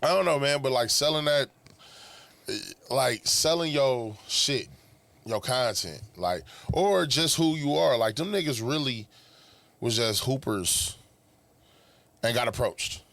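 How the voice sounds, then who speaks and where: Casting note: man, podcast co-host, loose profane riffing, middling pitch. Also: expressive, slow pace, vocal fry, long pauses, a bit bright, dry recording. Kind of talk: casual chat.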